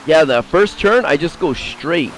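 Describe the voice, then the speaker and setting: A man giving casual, foul-mouthed gameplay commentary, swinging between low mutters and sudden yelps. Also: lively intonation, a little slow, slight background noise, poor audio. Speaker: gaming streamer.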